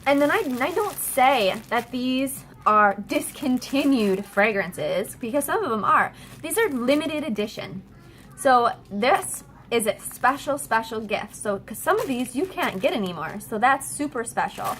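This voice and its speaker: A woman who works as a direct-sales consultant, giving quick, chatty how-to tips at home, full of fillers and restarts. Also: on the high side, very animated, a bit bright, slight background noise. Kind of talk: casual how-to video.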